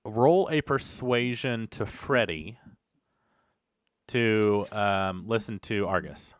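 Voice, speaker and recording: A man's voice: fairly low pitch, takes it slowly, no echo, studio quality. A man running a tabletop game as game master, narrating in a loose, conversational way with many fillers.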